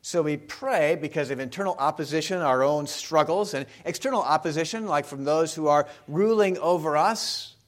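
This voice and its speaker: A male pastor giving a sermon in a conversational way, often putting questions to the congregation. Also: fairly high pitch.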